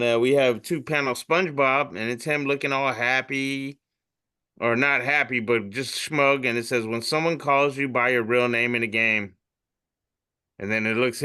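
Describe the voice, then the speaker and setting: A man's voice: medium pitch, bright, forceful tone, clean tone. A man who does comedy, hosting a podcast and reading memes aloud in a loose, profane, jokey way. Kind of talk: casual comedic meme reading.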